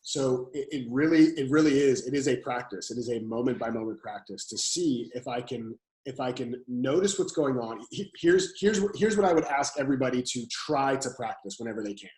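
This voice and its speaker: A man with an ordinary pitch, a guest coach and author, coaches calmly during a podcast interview and returns to his key phrases. He talks briskly with hardly any pauses, and his voice has a noticeable room echo.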